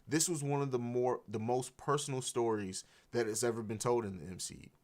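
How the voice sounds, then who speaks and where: A man's voice: mid-range voice, fairly even intonation, brisk, darkish tone. A man hosting a live reaction stream, talking with emotion, swearing freely and restarting his sentences. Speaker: livestream reaction host. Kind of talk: emotional unscripted reaction livestream. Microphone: streaming mic.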